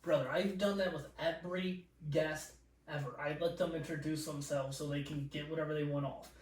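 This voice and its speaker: Brief: animated profane storyteller, high voice, podcast guest, echoey distant mic. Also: male voice, fairly quick, a little hiss or hum. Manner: animated, profane, laughs while telling stories. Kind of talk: casual storytelling.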